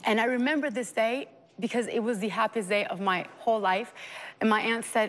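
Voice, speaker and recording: A woman guest on an interview show, a mother telling her story in an earnest, animated way and acting out the dialogue. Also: on the high side, fairly quick, long reverb tail. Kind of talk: emotional personal storytelling.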